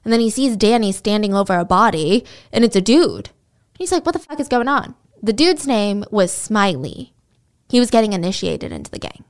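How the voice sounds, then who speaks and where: A woman's voice: mid-range voice, big pitch swings, normal speed. A woman host retelling a true crime case in a conversational way, with indignant asides. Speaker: podcast host.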